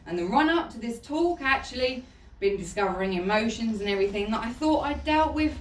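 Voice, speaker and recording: A woman tells a personal story to an audience in a chatty, warm way, laughing often. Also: a little high, expressive, fairly quick, slight background noise. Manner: chatty, laughing often, says "you know" a lot. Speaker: speaker giving a talk. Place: event hall. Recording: roomy hall, voice from far off.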